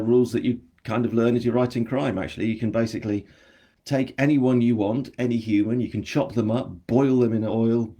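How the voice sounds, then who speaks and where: A man's voice: on the low side, dark tone. An English man with a general English accent, an author chatting casually on a live stream, rambling and self-deprecating as he answers viewer comments. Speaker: author hosting his book launch.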